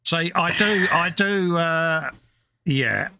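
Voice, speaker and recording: A man's voice: a little high, takes it slowly, background noise. A man in his fifties from the UK co-hosting a casual hobby livestream, joking around, calling everyone mate and reading out chat messages, with the odd cough. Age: 50s. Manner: jokey, chummy, calls everyone mate. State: coughing now and then.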